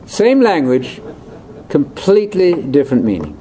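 A man leading a conversational Bible discussion, explaining in an animated way that jumps between high and low pitch. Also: measured pace, slight background noise. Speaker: Bible teacher.

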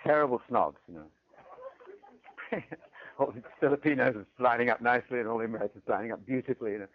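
Rapid-fire and mid-range, a British man's voice carries an animated theology lecture punctuated by frequent "right?" check-ins with listeners. Audio quality is dull, dry and lo-fi.

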